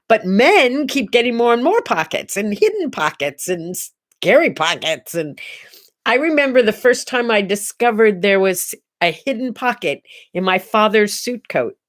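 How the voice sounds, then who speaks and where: A woman's voice: on the high side, lively intonation, normal speed. A middle-aged American woman hosting a casual solo talk show, chatting in a rambling way and telling stories with many asides. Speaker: host.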